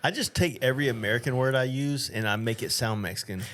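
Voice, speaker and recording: A man's voice: medium pitch, fast talker, fairly bright tone. Laid-back man, swears casually. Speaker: podcast co-host. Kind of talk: casual chat.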